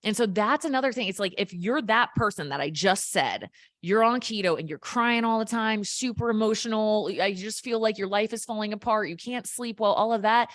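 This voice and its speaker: A woman health coach explaining things simply in an energetic, casual chat, as a guest. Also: medium pitch, brisk, dry recording, studio quality.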